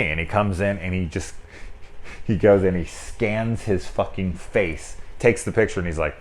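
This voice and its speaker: A man's voice: sits low, moderate pace. A man giving a casual spoken movie review, rambling with lots of filler words and swearing, amused by the film.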